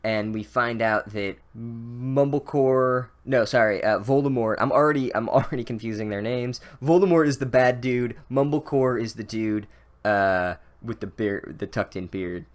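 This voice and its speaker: A man's voice: medium pitch, normal speed. A man giving a rambling, sarcastic, profane comedic recap of a book, full of "like" and restarts.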